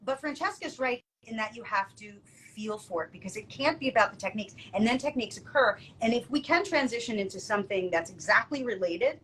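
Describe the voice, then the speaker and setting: A woman co-hosting a podcast, telling stories in a casual, lively way and acting out the quotes. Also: on the high side, brisk, hardly any pauses, a little hiss or hum, poor audio. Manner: lively, acts out quotes, laughs often. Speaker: podcast co-host. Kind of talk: casual storytelling chat.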